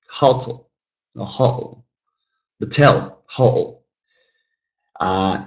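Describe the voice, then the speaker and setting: A man's voice: lowish voice, muffled recording. A man teaching a live online English lesson, repeating model words and talking directly to viewers in the chat. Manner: lively, demonstrative, repeats model words slowly, talks to chat.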